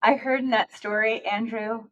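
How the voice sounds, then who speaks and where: A woman's voice: fairly high pitch, steady tone, moderate pace, distant mic, dull audio. A woman hosting a podcast interview, responding to her guest in an enthusiastic, affirming way. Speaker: podcast host. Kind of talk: interview conversation.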